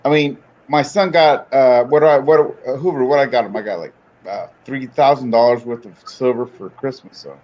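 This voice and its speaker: A man's voice: mid-range voice, moderate pace. A man joining a stream for a casual chat, laid-back and slangy, throwing in "dude" often. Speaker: guest on a stream. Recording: dull lo-fi sound.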